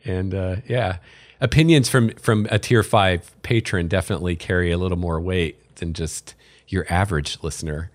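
A man hosting a podcast in a relaxed, chatty way, with casual fillers and dry sarcasm. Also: sits low, normal speed, no room sound. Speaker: podcast host. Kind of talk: casual chat.

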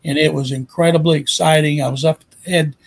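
An older man from Texas with a Texan accent, telling a folksy, animated story in a speech, emotional at times. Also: a little high, quick pace, gravelly, slightly rough.

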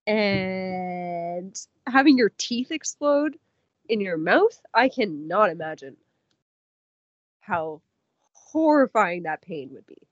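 A woman's voice: medium pitch, takes it slowly, no room sound. Chatty woman podcaster, lo-fi sound. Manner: chatty, animated retelling with many "like"s. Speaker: podcast co-host. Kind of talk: casual chat recapping a show. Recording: dull, lo-fi dry sound.

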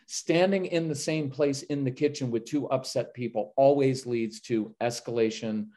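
Speaking at normal speed in a medium pitch, this man is a podcast guest sharing parenting tips in a casual chat. With lots of energy, he plays out the parent and child parts of his conversations with his kids.

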